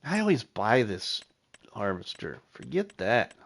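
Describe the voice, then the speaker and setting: A middle-aged man hosting a live game stream, chatting casually with viewers in an easygoing way while he thinks out loud. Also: medium pitch, very animated, unhurried, vocal fry, slightly rough. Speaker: live-stream gaming host.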